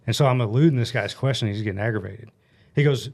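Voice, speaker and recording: A man in his forties from the United States, telling a story as a podcast guest in a blunt, animated way and swearing freely, into a studio mic. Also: on the low side, racing, creaky. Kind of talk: casual storytelling chat. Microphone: studio mic on a stand.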